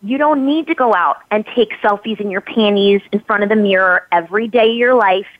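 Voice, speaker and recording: A woman's voice: medium pitch, brisk, no room sound. A woman guest in a podcast interview, talking in an emphatic, motivational way and repeating phrases for stress. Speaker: actress and guest. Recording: tinny phone-like line, dry.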